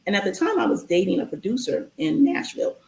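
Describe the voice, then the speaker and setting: A woman guest telling a long personal story in a casual interview, animated and full of ums and restarts. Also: medium pitch, fast, gravelly, echoey room, low-quality recording.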